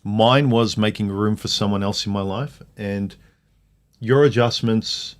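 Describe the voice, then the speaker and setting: Middle-aged Aussie host, fairly low voice, opinionated and ranting, lots of "like"s. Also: male voice, unhurried. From Australia. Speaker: livestream host. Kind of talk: casual livestream chat.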